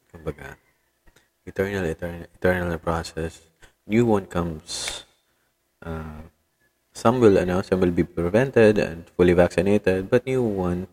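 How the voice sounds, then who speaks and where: Low husky Filipino man musing on news. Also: darkish tone, big-room sound. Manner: rambling, code-switching, swears often. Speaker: podcast host. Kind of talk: casual solo podcast chat reading news.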